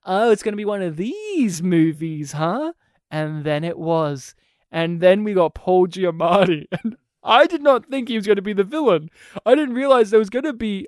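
A podcast host in casual film chat, talking in animated, quick bursts and laughing often. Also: medium pitch, dry recording, studio quality.

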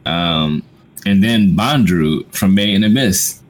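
A man's voice: deep voice, slow, a little hiss or hum. A man co-hosting a casual podcast chat, laid-back and slangy. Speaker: podcast co-host.

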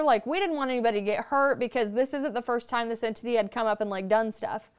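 Chatty woman with a smooth, higher voice. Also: brisk, few pauses. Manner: animated, chatty, swears freely. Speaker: podcast guest, paranormal storyteller. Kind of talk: casual storytelling.

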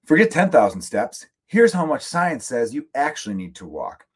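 An American man hosting his own podcast, ranting casually with jokes, swearing and rambling asides into a close microphone. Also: mid-range voice. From United States. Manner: profane, joking, rambling asides. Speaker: podcast host. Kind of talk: casual solo comedic rant. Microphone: studio microphone, close.

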